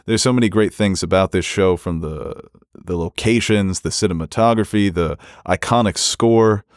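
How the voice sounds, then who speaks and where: A man co-hosting a podcast, trading dry jokes and then giving a long, steady review of a TV series. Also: low-pitched, moderate pace, no room sound. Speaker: podcast co-host. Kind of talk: casual TV review chat.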